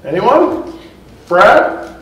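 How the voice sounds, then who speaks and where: A man's voice: sits high, big pitch swings, very slow, dull audio. A man giving a conversational sermon as pastor, chuckling at his own asides. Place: church sanctuary. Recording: echoey church hall, mic far off.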